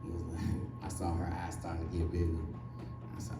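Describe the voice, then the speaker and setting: A man's voice: deep voice, a little fast, echoey room, distant mic, over loud music, rough recording. A man in his forties doing a stand-up comedy set, telling family stories and acting out his relatives' voices. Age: 40s. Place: comedy stage.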